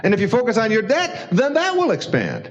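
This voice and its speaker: A man's voice: extremely high pitch, wildly swooping pitch, fairly quick. A man, an author, giving a casual motivational talk, chuckling often and acting out little dialogues. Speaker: author and speaker. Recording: dull lo-fi recording.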